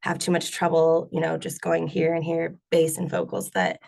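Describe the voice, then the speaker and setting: A woman singer and bassist chatting in an interview, rambling with lots of fillers. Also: lively intonation, moderate pace, creaky, a little mellow. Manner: rambling, many fillers, laughs often. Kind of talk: casual interview chat.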